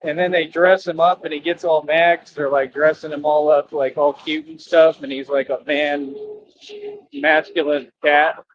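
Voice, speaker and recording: A man's voice: fairly high pitch, flat delivery, normal speed. A man livestreaming outdoors near traffic, rambling and preachy, repeating himself as he asks viewers for donations. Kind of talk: casual rambling livestream talk. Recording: dull lo-fi stream audio.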